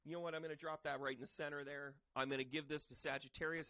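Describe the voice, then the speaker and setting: Man, tarot reader, casual and jokey, animated delivery, dry close sound. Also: mid-range voice, quick pace, few pauses, no echo. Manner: chatty, joking, animated, with bursts of loud emphasis. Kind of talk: casual tarot reading to camera. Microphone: microphone.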